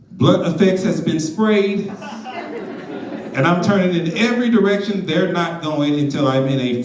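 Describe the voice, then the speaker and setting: A foul-mouthed stand-up comedian in his forties tells stories on a club stage, and his fairly high voice swings up and down. The room sounds echoey, and the mic catches him from a distance. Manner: profane, animated storytelling.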